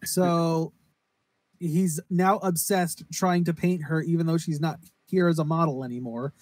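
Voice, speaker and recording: In a dry recording, a man with a fairly high, slightly mellow voice speaks at a measured pace with fairly even intonation. This podcast co-host casually rambles through a horror anime recap, swearing freely and acting out its quotes.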